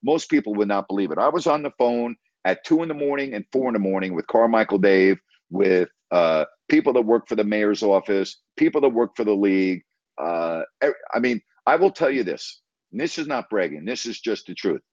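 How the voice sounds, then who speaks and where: A man's voice: fairly low pitch, animated, brisk, a little mellow, no room sound, highs cut off. A middle-aged man, a sports radio host, telling a story in an interview in a blunt, emphatic way with salty language.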